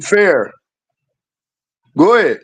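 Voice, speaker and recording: A man's voice: high-pitched, sing-song, very slow, husky. A man hosting a casual chat, telling stories animatedly and laughing often.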